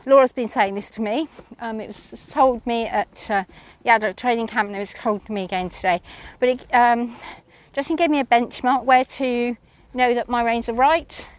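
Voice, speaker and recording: A woman's voice: a little high, moderate pace. A woman chatting casually about her lesson, rambling and self-mocking, with frequent ums. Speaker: horse rider reviewing her lesson. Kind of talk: casual chat.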